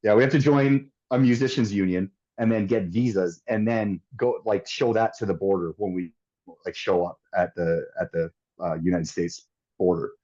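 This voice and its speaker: Laid-back Canadian guy, low voice, dull sound. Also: steady tone, moderate pace, dark tone. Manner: laid-back, laughs easily, swears. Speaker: podcast guest, singer. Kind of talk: casual chat.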